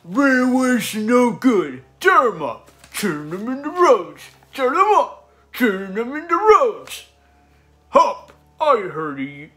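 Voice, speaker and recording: A man voicing a grumpy, road-loving male steamroller with a gruff, huffing, dismissive manner, as a voice impression. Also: very high-pitched, huge pitch swings, slow, pushed and bright, voice pushed up, heavily acted.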